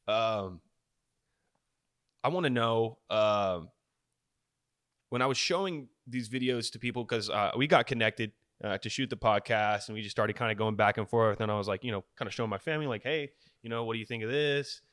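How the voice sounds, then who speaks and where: A man's voice: lowish voice, moderate pace, fairly bright tone, dry recording, clean studio sound. A man hosting a casual podcast interview, who talks in a loose, rambling way full of fillers. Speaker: podcast host.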